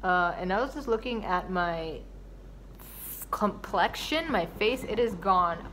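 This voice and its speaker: A woman's voice: mid-range voice, animated, unhurried, a bit bright, slight background noise. A young woman chatting playfully to camera at home as a vlogger, joking around. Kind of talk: casual chat to camera. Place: indoors at home, windy outside.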